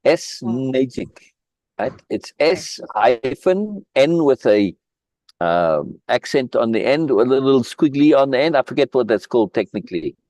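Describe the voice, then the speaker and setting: A man's voice: medium pitch, sing-song, moderate pace, a little mellow, dry recording. A man leading a live online book reading group, commenting in an emphatic way, often repeating words and restarting his phrases. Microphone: video call.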